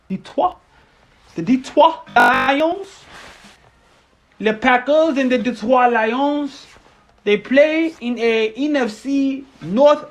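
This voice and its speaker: Man doing a fake French sports announcer, high-pitched, drawn-out, hammy. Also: full character voice. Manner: drawn-out, exaggerated announcer delivery.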